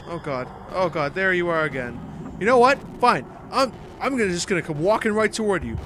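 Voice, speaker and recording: Quick and fairly low-pitched with big swings in pitch, a Canadian woman narrates her horror gameplay as a let's play. Between shrieks and jittery mutters she cracks sarcastic jokes, all over loud background noise and game sounds.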